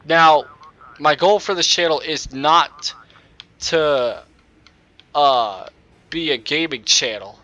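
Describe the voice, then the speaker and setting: A young man with a nasal voice and a bright edge to it talks through a racing game on a cheap microphone. He rambles in loose, excitable bursts and breaks off to curse at what happens on track. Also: a little high, takes it slowly, pauses often, highs cut off. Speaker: gaming YouTuber. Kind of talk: casual gameplay commentary.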